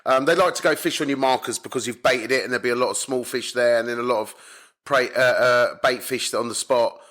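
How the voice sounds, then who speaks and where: A man, a carp angler from the UK, telling stories as a podcast guest in a blunt, animated way, swearing often. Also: mid-range voice, brisk. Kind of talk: casual storytelling chat. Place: home in Spain.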